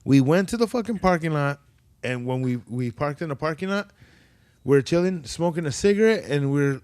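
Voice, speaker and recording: Swearing liberally and acting out the people in his anecdotes, a man with a fairly high voice trades stories in a casual podcast conversation. The recording is dry.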